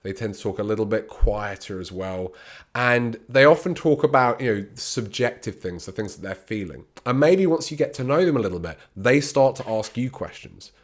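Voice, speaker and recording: A man's voice: lowish voice, expressive, moderate pace. A chatty, extroverted man giving an informal talk on handling patients, candid and personal, acting out patient replies as he goes. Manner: conversational, acts out patient replies in quoted voices. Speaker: clinical communication trainer. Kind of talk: informal teaching talk to camera.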